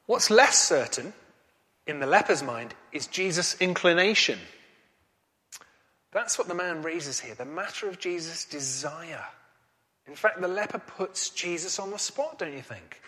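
A man's voice: high voice, lively intonation, unhurried, pushed and bright, in a large hall. A man preaching a sermon, earnest and rising to emphatic questions.

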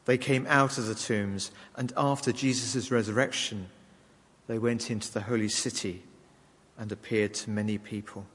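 A man reading scripture aloud in a measured, solemn way. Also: fairly low pitch, steady tone, fairly bright tone, slightly rough, long reverb tail. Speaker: scripture reader. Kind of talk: liturgical Bible reading.

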